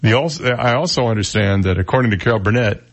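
A man's voice: lowish voice, fast. A man hosting a radio talk show, chatting casually and reading news items with his own asides.

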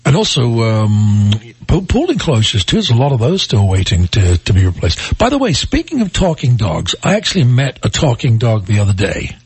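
A man co-hosting a casual radio talk show, reacting with animated exclamations. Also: mid-range voice, normal speed, hardly any pauses, breathy edge, no room sound. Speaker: radio co-host.

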